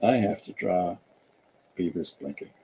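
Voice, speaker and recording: A man's voice: low-pitched, measured pace, gravelly, warm tone, a little hiss or hum. A man hosting a podcast, chatting casually and jokingly while he draws, rambling and musing aloud. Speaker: podcast host and artist. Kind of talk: casual chat while drawing.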